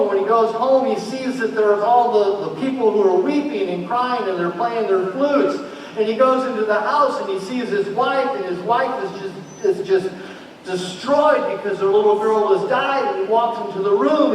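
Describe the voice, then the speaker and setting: Male pastor, high voice, lively storyteller, very roomy church hall, mic at a distance. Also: a little hiss or hum. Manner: animated storytelling, acts out quoted voices. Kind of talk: sermon.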